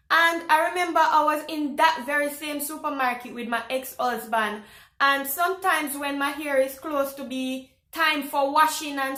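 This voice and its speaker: A Caribbean woman in her thirties with a Caribbean accent, telling a personal story to camera in a casual, animated way. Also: sits high, echoey room. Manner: animated, exclaims loudly when retelling reactions. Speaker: vlogger. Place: home in France.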